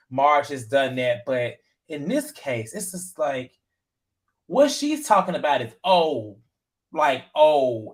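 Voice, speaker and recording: Chatty, animated man recapping reality TV. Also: on the high side. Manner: chatty, animated, lots of fillers and retold quotes. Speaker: podcast co-host. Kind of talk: casual reality TV recap chat.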